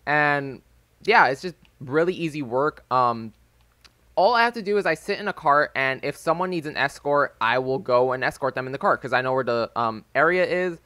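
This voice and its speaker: A man's voice: mid-range voice, expressive, normal speed, pushed and bright, dry recording. A man in his early twenties telling a loose, rambling story over gameplay, full of "like" and "um". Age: early 20s. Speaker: gaming YouTuber. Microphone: desk microphone with a phone as backup.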